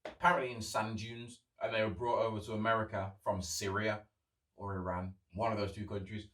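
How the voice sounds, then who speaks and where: A man's voice: on the low side, level tone, fairly quick, fairly bright tone, far from the mic. Solo podcast host, young man, chatty and loose with swears, sits back from the mic in a roomy space. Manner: rambling, chatty, swears freely. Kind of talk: casual solo podcast chat.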